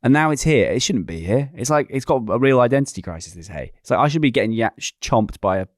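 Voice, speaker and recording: A man's voice: medium pitch, animated, fast talker, no echo, studio quality. A man co-hosting a comedy podcast, laid-back and goofy, riffing and swearing casually. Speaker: podcast co-host.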